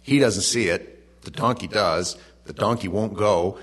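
A man with a fairly low voice preaching to his congregation. He talks like he is telling a story to friends, casual and animated, with quick asides and questions to the room. A middle-aged pastor in an easy, unhurried sermon. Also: breathy edge.

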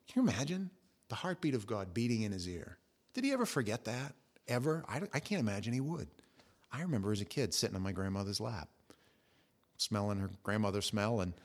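A middle-aged man preaching a sermon, telling the story with lively, acted-out quotes. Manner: animated storytelling, acting out quotes with jumps in pitch and volume. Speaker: pastor.

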